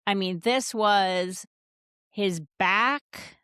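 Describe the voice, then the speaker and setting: A woman's voice: medium pitch, extremely slow, fairly bright tone, clean tone, no room sound, studio quality. A woman podcast host telling a casual, wry, self-deprecating story in a chatty monologue.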